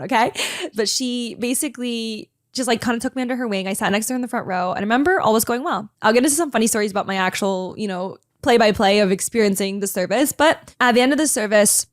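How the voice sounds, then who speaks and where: A young woman telling a personal story in a fast, chatty way, full of filler words and emotion. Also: a little high, dry recording, clean studio sound. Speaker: vlogger sharing a personal story. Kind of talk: casual storytelling to camera.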